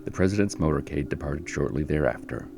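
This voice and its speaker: A man with an extremely low, gravelly voice tells history in a measured, solemn way. His tone is dark and mellow, and soft guitar plays behind him. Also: lively intonation. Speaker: podcast host and narrator. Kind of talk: scripted history narration.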